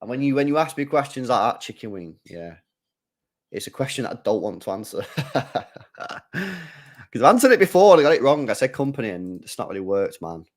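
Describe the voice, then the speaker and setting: A man hosting a live football watchalong, chatting casually, reading viewer comments and getting loud when play heats up. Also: mid-range voice, a little fast, long pauses. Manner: chatty, swings from mumbling to excited shouting. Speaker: live stream host.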